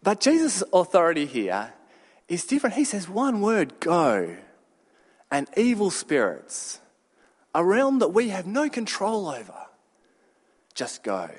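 A man preaching a sermon with a lively, swooping delivery, in a slightly higher register than most men. He tells stories with sudden shouted bursts and pauses. His voice carries a long reverb from a large hall. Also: husky.

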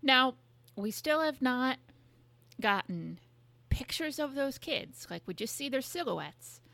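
A young woman co-hosts a podcast with a slightly high, chatty voice. She rambles casually, leans on fillers and swears now and then. The sound is dry and close. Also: sing-song, takes it slowly, gravelly, fairly bright tone, no echo. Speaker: podcast co-host. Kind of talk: casual chat.

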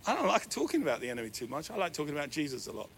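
Bright, animated male preacher. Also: rapid-fire, gravelly, a little hiss or hum. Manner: animated preaching, swings from loud raised pitch to quiet asides. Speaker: pastor. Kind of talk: sermon.

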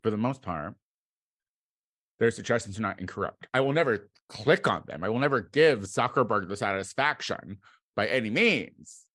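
A fairly low-voiced American man rambles through a comic monologue, swearing freely and bursting out loud now and then. The sound is dry and close, with no room echo. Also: animated, normal speed. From United States. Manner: rambling and profane, with sudden loud outbursts. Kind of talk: casual comedic monologue.

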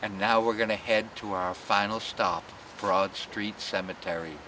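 A man's voice: on the low side, steady tone, unhurried, slight background noise, low-quality recording. Joking male ghost tour guide. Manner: punchline-driven, folksy, laughs at own jokes. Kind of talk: joking storytelling tour talk. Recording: loud music behind.

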